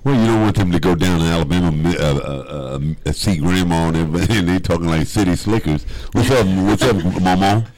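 A man hosting a radio show, chatting and telling stories in a teasing, animated way and slipping into funny voices. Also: sits low, fast talker, few pauses, noisy background. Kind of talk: casual studio chat and storytelling. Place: radio studio.

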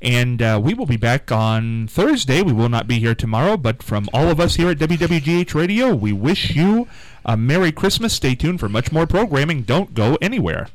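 Lively-pitched male radio host. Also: moderate pace, no echo. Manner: chatty, rambling, friendly banter. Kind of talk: casual radio chat. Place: radio studio.

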